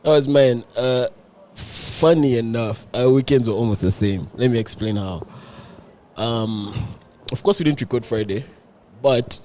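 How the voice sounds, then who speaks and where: A man co-hosting a podcast, telling a casual story with lively asides and laughter. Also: lowish voice, a little hiss or hum. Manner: animated, calls listeners bro, laughs at himself. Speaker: podcast co-host.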